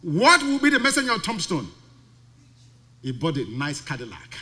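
A male pastor preaches in a church, his voice piercingly bright and pitched high. He swings widely up and down as he fires off rhetorical questions. A long reverb from the hall trails behind each phrase. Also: wildly swooping pitch, normal speed. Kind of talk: sermon.

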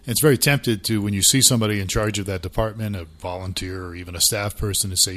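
A man's voice: on the low side, fast talker, fairly bright tone. A middle-aged man co-hosting a casual podcast about church life, chatty and self-deprecating. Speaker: podcast co-host.

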